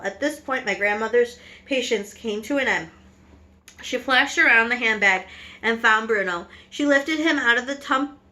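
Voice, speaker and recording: A woman's voice: on the high side, bright, forceful tone. A woman reading a storybook aloud to children, now and then stumbling and correcting her words. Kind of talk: storybook read-aloud narration.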